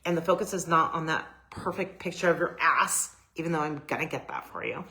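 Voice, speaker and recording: Low-voiced gushing woman photographer. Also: animated, fairly quick, fairly bright tone. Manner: gushing, rambling, many fillers and restarts. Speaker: boudoir photographer. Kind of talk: casual personal talk to camera.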